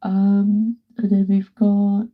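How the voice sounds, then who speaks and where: A woman's voice: mid-range voice, monotone, slow, phone-quality sound. A woman with a British accent, chatting casually to viewers on a live stream from home while she paints, greeting and thanking them by name. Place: at home, indoors.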